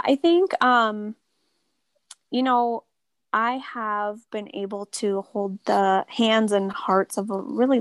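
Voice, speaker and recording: A woman who practices Reiki talks casually and softly in an interview, with many filler words. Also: mid-range voice, no room sound. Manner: soft-spoken, lots of filler words. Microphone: remote call.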